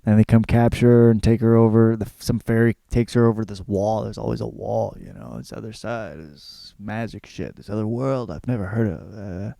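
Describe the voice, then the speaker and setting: Rambling, gravelly man with a dark voice. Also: on the low side, steady tone, normal speed, hardly any pauses, no echo. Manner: crude, rambling, self-mocking, lots of fillers and cursing. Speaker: podcast host. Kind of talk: casual rambling comedic monologue.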